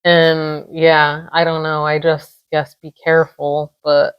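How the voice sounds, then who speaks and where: A woman co-hosting a podcast, answering calmly and matter-of-factly in casual chat. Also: low-pitched, takes it slowly, clear, resonant tone, no room sound, highs cut off. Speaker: podcast co-host.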